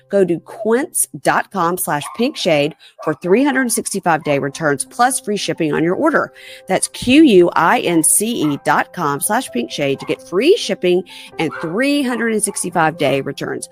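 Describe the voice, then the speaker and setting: Low-voiced, chatty woman podcast host. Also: big pitch swings, normal speed, faint music behind. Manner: chatty, gossipy storyteller. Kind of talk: casual chat and recap.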